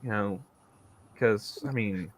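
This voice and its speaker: A man's voice: fairly low pitch, slow pace, no echo. Rambling man, close dry mic. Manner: rambling storyteller, repeats words, laughs often. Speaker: podcast co-host. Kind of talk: casual chat.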